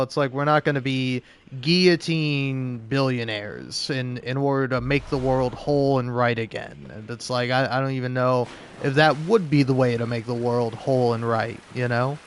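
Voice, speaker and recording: A young man at an ordinary, middle pitch talks his thoughts through while he plays. He rambles in a halting way, restarts his sentences often and leans on filler words as he circles an idea. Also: smooth. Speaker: gaming video creator. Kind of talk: rambling musing commentary while playing.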